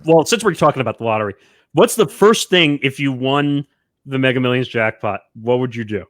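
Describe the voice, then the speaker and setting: A man's voice: mid-range voice, expressive, brisk, fairly bright tone, no echo, studio quality. A man hosting a casual show chat, steering topics with joking asides. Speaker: host.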